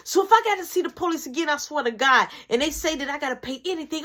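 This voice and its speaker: A woman narrating a story from her own life in a lively, slang-heavy, profane voice. Her speaking voice sits a little higher than most women's. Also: fairly quick.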